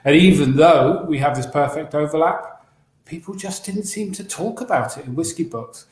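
A man's voice: on the high side, normal speed, darkish tone. A man from England co-hosting a casual chat show, enthusiastic and rambling, with many restarts. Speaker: podcast co-host. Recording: roomy echo.

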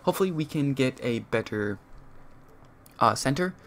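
A man's voice: mid-range voice, expressive, moderate pace, fairly bright tone. Young man chatting over gameplay, filler-heavy. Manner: chatty, thinks aloud with many fillers. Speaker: gaming youtuber. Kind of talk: casual gameplay commentary.

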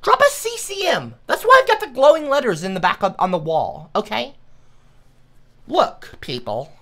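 A man livestreaming, scolding his chat like a mock teacher, shifting from shouts to slow hushed lecturing. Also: high-pitched, wildly swooping pitch, vocal fry. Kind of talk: ranting livestream talk.

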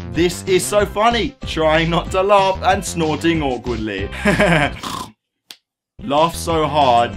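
A man vlogging as he reads viewer comments aloud, playful and jokey with sudden silly outbursts. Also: a little high. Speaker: YouTuber reading viewer comments. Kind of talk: goofy comment-reading vlog.

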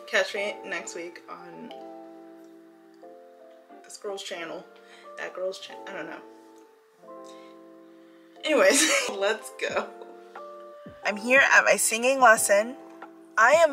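Parked in her car and talking to the dashboard camera, a giggly young woman keeps up a casual vlog chat packed with "like." Her voice sits in the mid-range, and the recording quality is low.

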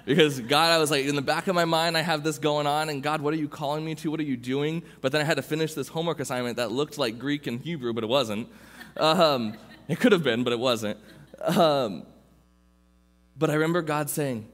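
A man's voice: fairly high pitch, fairly quick, fairly bright tone. A young adult man preaching as a youth pastor, telling a personal story informally with restarts. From Southern California. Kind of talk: sermon. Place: church sanctuary. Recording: long reverb from a church hall.

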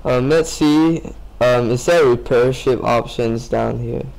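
A man's voice: mid-range voice, takes it slowly, vocal fry, a little mellow, poor audio. A sleepy young man commenting casually on his gameplay, rambling to himself and swearing. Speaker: gamer.

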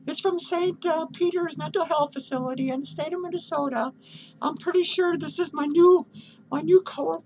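A woman's voice: high-pitched, vocal fry, highs cut off, a little hiss or hum. A woman playing a crude, foul-mouthed older man who rambles and cackles through a comic webcam rant. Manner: swears constantly, rambling, cackling laughs. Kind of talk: comedic character vlog rant.

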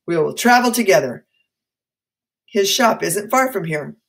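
Een vrouw die een strenge, vurige patriottische leider speelt. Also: female voice, mid-range voice, lively intonation, a little slow, creaky. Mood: stern. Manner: forceful, insistent, preaching. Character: stern, forceful colonial patriot leader, grown man.

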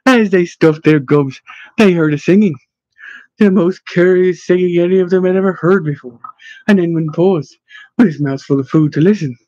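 A man narrating a storybook in a steady, even reading voice. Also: high voice, moderate pace, no echo. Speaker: audiobook narrator. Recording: dull lo-fi dry recording.

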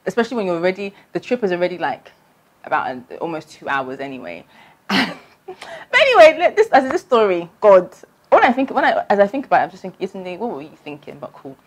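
A woman, telling a personal story on her vlog, acting out her past self with big jumps up in pitch. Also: very animated, a little fast. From London. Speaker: vlogger.

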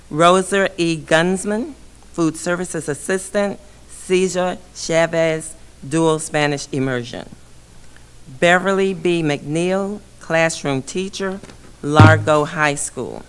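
A woman chairing a school board meeting, reading a memorial list slowly and solemnly, becoming emotional. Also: low voice, fairly bright tone, clear, resonant tone. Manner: slow, solemn reading of names. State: emotional, voice breaking. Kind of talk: formal meeting proceedings.

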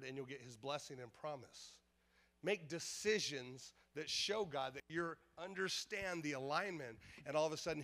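Male pastor, sermon delivery; slightly high voice, emphatic, repetitive, call-and-response with the room. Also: a bit bright. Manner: emphatic, repetitive, calls out to the congregation. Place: church service.

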